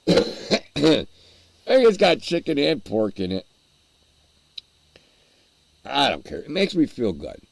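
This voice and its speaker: A man's voice: medium pitch, huge pitch swings, slow pace, vocal fry, pauses often, dry recording. A man hosting a casual livestream, rambling and chuckling as he answers his chat while eating. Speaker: livestream host.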